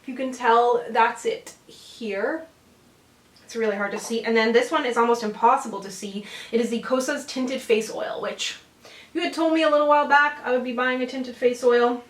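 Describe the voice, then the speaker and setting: A young woman talks through her makeup haul in a loose, rambling way and laughs often. Her voice sits a little high. It comes from some distance in a roomy, echoing home space. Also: normal speed. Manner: chatty, laughs often, drifts off topic. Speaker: beauty vlogger. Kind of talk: casual haul chat. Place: home room.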